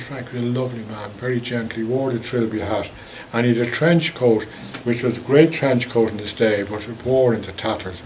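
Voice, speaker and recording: A man's voice: mid-range voice, slight background noise, rough recording. A man with an Irish accent giving a local history talk with slides, telling stories in a chatty, wry way. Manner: anecdotal, chatty, wry asides.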